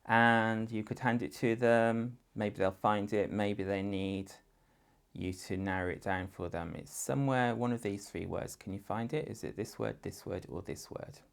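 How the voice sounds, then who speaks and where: A male teacher speaks in a low register with a gravelly, creaky edge. He talks slowly and patiently, sounding out letters and words one at a time. His manner is that of a primary school teacher guiding parents. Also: fairly even intonation. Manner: slow, patient, demonstrates sentences and sounds in different voices. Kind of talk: instructional talk to parents.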